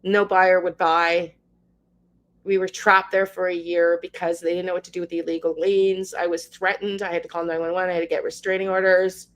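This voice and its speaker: A woman's voice: fairly low pitch, level tone, a little fast. A woman in her fifties, a channel host, speaking in an emotional monologue, ranting with passion and fighting back tears. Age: 50s.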